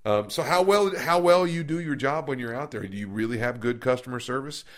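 This podcast co-host talks fairly quickly in a medium-pitched voice with a fairly bright tone. Recording in an office room, he tells conversational stories in a folksy, casual style, often restarting and repeating words.

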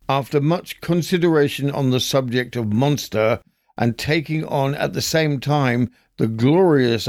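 A man's voice: mid-range voice, a little mellow, no room sound. A man hosting a history show, reading an old newspaper story aloud with dry, theatrical delivery. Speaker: host.

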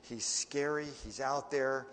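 A man's voice: mid-range voice, slow, fairly bright tone, in a large hall, a little hiss or hum. A man reading Bible verses and explaining them in a plain, conversational way. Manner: conversational, plain-spoken asides between readings. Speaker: preacher teaching a Bible passage.

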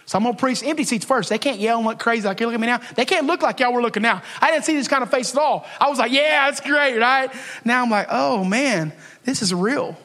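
A man's voice: very high voice, very fast, a bit bright. A man preaching a casual, emphatic sermon as pastor, talking to the congregation and acting out his prayers to God. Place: church sanctuary. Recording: long reverb of a church hall.

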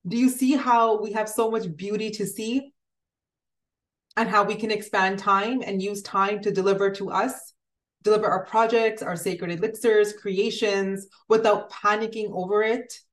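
A woman's voice: mid-range voice, fairly even intonation, normal speed. A woman giving an earnest, motivational spiritual talk, speaking directly to the listener in repeated phrases. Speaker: spiritual content creator.

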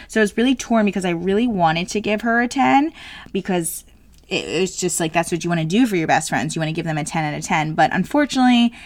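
A woman's voice: on the low side, no echo. A woman in her late twenties talking casually as a solo host, frank and jokey, full of fillers. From New Jersey. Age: 20s.

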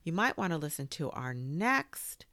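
A woman reading a children's story aloud as a podcast host, gentle and expressive. Her voice sits low with a gravelly grain, moving slowly and rising and falling widely. The sound is close and dry. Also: dry recording.

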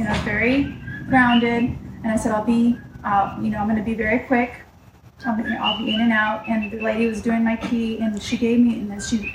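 Emotional woman, distant and echoey. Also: on the high side. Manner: emotional, halting. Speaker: caller. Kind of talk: telling a personal story. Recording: echoey and distant with background noise.

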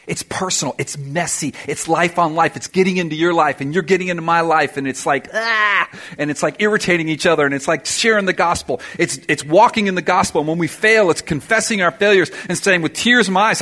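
A man preaching a sermon to his church congregation, energetic and emphatic, with punchy exclamations. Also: high-pitched, fairly quick. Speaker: pastor. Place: church service before a congregation.

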